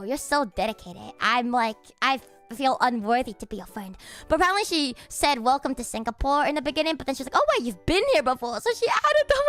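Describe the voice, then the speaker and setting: High, lively-voiced excitable woman streamer. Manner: excitable, swears casually, bursts into laughter. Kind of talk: casual livestream chat.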